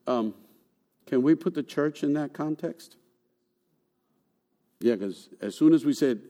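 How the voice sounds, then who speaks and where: A man preaching a sermon in an animated way. He asks rhetorical questions and repeats words for emphasis. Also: mid-range voice, normal speed, pauses often. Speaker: pastor.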